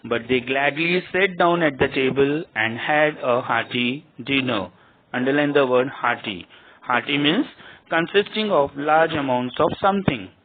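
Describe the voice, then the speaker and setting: A man's voice: mid-range voice, a little hiss or hum. A male teacher reading a story aloud to a class, dictating words to underline and repeating their meanings, recorded with a tinny phone-like sound.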